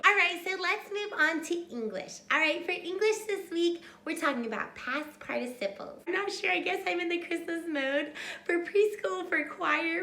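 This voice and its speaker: A woman's voice: very high voice, sharp tone, echoey room. A young woman, a homeschool tutor, explaining classroom activities step by step in a cheerful teaching demo. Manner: upbeat, explains step by step with hand motions.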